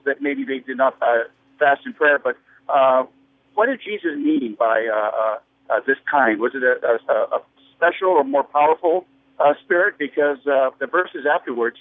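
Halting male caller on a phone line. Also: mid-range voice, dry recording. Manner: halting, searching for words. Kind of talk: asking a question on a call-in show. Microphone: telephone.

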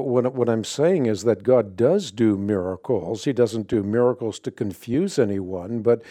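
A man hosting a call-in radio show, explaining scripture to callers in a measured, authoritative way. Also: fairly low pitch, dark tone, no echo. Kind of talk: call-in Bible answer radio.

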